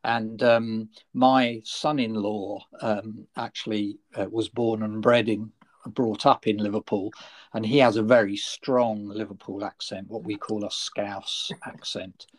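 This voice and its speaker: A man with a southern English accent hosting a podcast interview, talking in a halting way with many fillers and restarts. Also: on the low side, level tone. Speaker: host.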